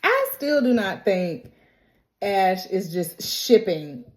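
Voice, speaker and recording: A woman's voice: medium pitch, very animated, slow. A woman recapping a TV episode in a casual, chatty way, with a slangy, colloquial manner, acting out the characters' lines and laughing often. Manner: chatty storyteller, acts out quotes, laughs often. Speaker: TV recap vlogger.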